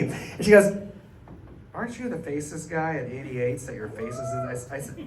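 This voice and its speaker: A middle-aged man, a cabaret performer, telling an animated anecdote to a live audience and acting out the people in it. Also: on the high side, fairly quick, distant mic. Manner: animated, chatty, acts out the people in his stories. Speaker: cabaret singer and storyteller. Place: small arts venue stage, live audience. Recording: roomy live stage sound, faint room noise.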